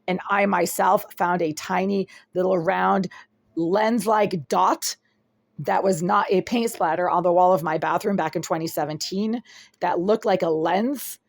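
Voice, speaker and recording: A woman records a complaint vlog on her phone inside a small apartment, her voice sitting low. She talks insistently, circling back and stacking descriptor after descriptor. The sound is dry and close, with little room echo. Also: unhurried, creaky. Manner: insistent, repetitive, piling up descriptors. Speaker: vlogger filming her apartment. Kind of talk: agitated first-person complaint vlog.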